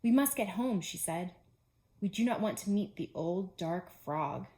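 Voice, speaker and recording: A calm, patient male frog speaks in a steady, encouraging way and drops to a hush for a spooky story, as a woman reads him aloud. He is a gentle character in a children's storybook. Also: on the low side, measured pace, echoey room. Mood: storytelling.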